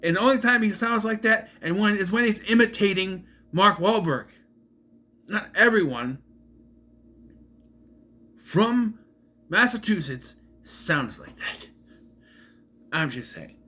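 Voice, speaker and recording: Bright, lively young man rambling casually. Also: sits high, slow pace, long pauses. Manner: rambling, chatty, corrects himself often. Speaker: movie reviewer. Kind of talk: casual film review vlog.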